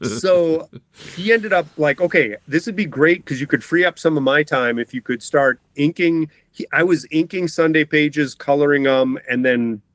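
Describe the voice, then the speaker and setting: A man's voice: fairly high pitch, moderate pace, fairly bright tone, no echo. A middle-aged man talking as a cartoonist guest in a casual interview, rambling, often breaking off mid-sentence and laughing. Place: home basement.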